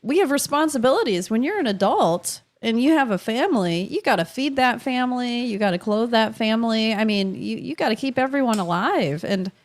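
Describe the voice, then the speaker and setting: A woman's voice: fairly high pitch, expressive, a little fast, hardly any pauses. A young woman co-hosting a casual political talk show with her husband, chatty and earnest. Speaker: co-host, host's wife.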